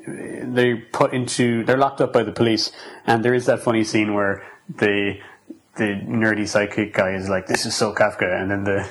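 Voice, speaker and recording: A man's voice: fairly low pitch, moderate pace, low-quality recording. Chatty man retelling a movie. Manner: animated retelling with quoted lines. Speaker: podcast co-host. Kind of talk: casual film review chat.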